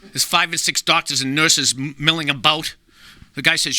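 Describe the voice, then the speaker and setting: A man performing a stand-up comedy set as guest comedian, gruff and wisecracking, slipping into voices. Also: fairly high pitch, fast, bright, forceful tone. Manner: gruff, wisecracking storyteller who slips into voices. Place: small live venue.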